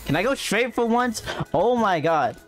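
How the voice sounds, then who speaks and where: A streamer giving excitable gaming commentary, yelping, shouting and hyping themselves up. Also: medium pitch, normal speed, over music. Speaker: streamer playing a platform game.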